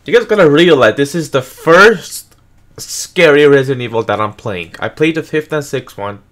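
Animated man chatting over a horror game. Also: a little high, moderate pace. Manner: excitable, jokey, talks to viewers. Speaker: gaming channel host. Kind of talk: casual let's play commentary.

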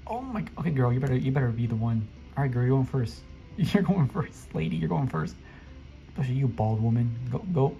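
A man commenting casually on his gameplay, excitable and flustered, often talking to the other players. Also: medium pitch, fast talker, lo-fi sound. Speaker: gameplay streamer. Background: faint game music.

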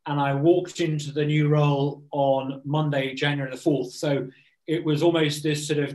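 A man's voice: fairly high pitch, a little mellow, echoey room. A man from Britain, a think tank president, speaking earnestly and eagerly as a guest on a video call interview, often restarting his words.

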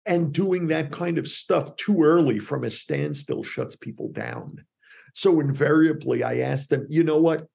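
A man being interviewed as a guest expert, telling a story with animated retellings of quoted characters. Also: a little high, unhurried, vocal fry, breathy edge. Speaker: podcast guest, differentiation expert.

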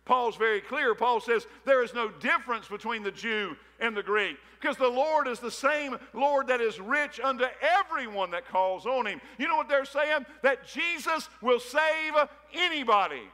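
A man's voice: extremely high pitch, animated, normal speed, hardly any pauses, sharp tone. A man preaching a fervent sermon as pastor in a church, repeating his points with folksy asides. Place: church sanctuary. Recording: long hall reverb in a church.

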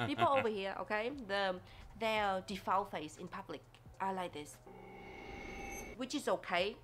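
A woman chats casually for her vlog, lively and expressive, her English carrying grammar. Her pitch sits in a middling range, and a faint hum of noise runs behind her. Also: measured pace. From Vietnam. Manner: chatty and expressive, laughs often, non-native English grammar. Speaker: vlogger.

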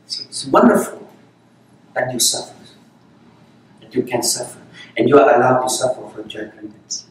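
A male Zen teacher gives a dharma talk in a meditation hall, unhurried and repeating short phrases. His voice sits at an ordinary middle pitch. It rings with heavy echo, picked up from well back in the room. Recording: very echoey hall, voice from far off.

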